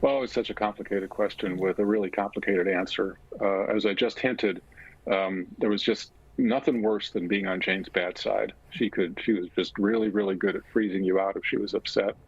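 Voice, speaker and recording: A low, gravelly older man tells a long personal story, pausing often as he speaks. His voice sounds husky. The remote call audio is dull and lo-fi. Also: steady tone, no room sound. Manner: slow, measured storytelling with frequent pauses. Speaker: guest, physician and author.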